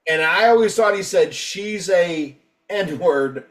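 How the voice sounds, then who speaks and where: A man's voice: sits high, lively intonation, takes it slowly. A man co-hosting a casual album review, rambling and swearing freely, acting out quotes from band members. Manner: profane, rambling, acts out quotes. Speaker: podcast co-host.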